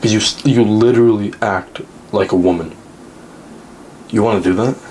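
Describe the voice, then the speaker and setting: A young man ranting straight to the camera in a mocking, crude, lecturing way, putting on high whiny voices when he quotes others. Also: normal speed, darkish tone, a little hiss or hum. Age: young adult. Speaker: social media commentator. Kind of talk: direct-to-camera rant.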